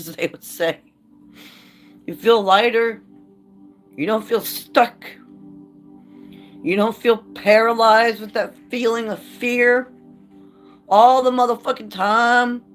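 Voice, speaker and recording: A vlogger speaks to camera in a candid video, going from reading aloud into an impassioned, blunt, profane rant. Her voice is a little high and fairly bright, and she sounds choked up.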